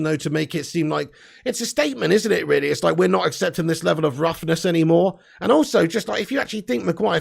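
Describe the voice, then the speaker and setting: Gravelly, sweary lad ranting. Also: male voice, sits high. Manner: blunt, sweary, excitable banter. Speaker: livestream host. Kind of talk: live fan chat reading comments.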